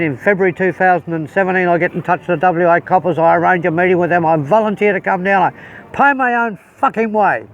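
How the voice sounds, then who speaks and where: A man's voice: high-pitched, far from the mic, muffled recording. A man with an Australian accent records a blunt, heated, swearing statement to his phone outdoors at a harbour. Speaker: self-recorded video speaker. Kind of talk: angry to-camera statement.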